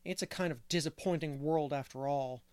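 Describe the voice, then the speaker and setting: A man's voice: a little high, moderate pace, a little mellow, clean tone, dry recording, lightly acted. A man voicing a chatty, cheerful little boy who talks bluntly, in a dry audiobook reading.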